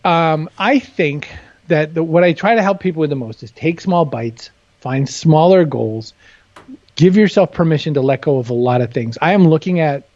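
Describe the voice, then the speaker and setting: A man's voice: a little high, darkish tone, no room sound, dull audio. A man talking candidly and with humor as an interview guest, often self-deprecating. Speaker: guest author. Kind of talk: casual interview chat.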